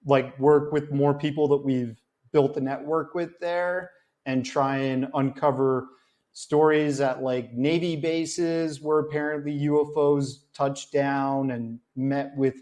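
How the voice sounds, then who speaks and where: Slow-talking animated man. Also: mid-range voice. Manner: animated storyteller, acts out dialogue, many fillers. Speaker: documentary filmmaker. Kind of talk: casual interview chat.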